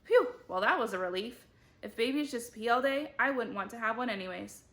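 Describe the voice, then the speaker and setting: A woman reading a children's chapter book aloud, lively, with big jumps in her voice as she voices the children and teachers. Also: fairly high pitch, fairly quick. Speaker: book club reader.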